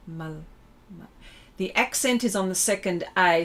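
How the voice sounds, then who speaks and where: A woman teaching a livestream painting demonstration, chatting with viewers as she works and pausing often to find her words. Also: lowish voice, fairly bright tone. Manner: chatty, reads and answers viewer comments while working; halting, many fillers and restarts. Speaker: art instructor.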